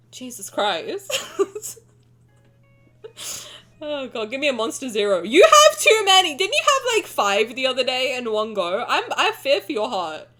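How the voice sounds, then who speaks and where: A woman's voice: high voice, huge pitch swings, a little slow, bright, forceful tone, soft background music. A young woman streamer chatting casually in a reaction stream, teasing and blunt, swearing freely and laughing often.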